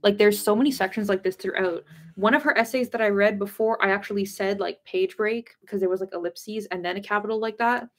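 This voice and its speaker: A woman's voice: mid-range voice, a little fast. A woman hosting a casual livestream book discussion, rambling and chatty, full of filler words and casual swearing. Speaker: host of a book discussion channel.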